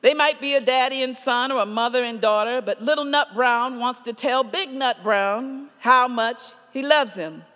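A woman pastor delivering a sermon, measured and slowing for emphasis, often dropping soft on key lines. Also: a little high. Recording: long hall reverb.

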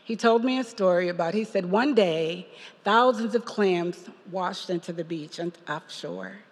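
A woman's voice: fairly low pitch, a little slow. Woman telling a story in an echoing church. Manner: storytelling with quoted voices and laughter. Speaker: parishioner giving a reflection. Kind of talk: personal testimony at a church service.

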